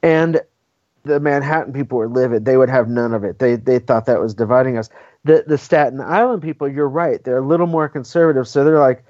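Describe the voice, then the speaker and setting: An emphatic, opinionated man talks casually in an interview, pressing his points and checking in with a quick "right?". His voice sits at an ordinary middle pitch. The recording is dull and lo-fi with a dry, close sound. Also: a little mellow, no room sound. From California. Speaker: interview guest.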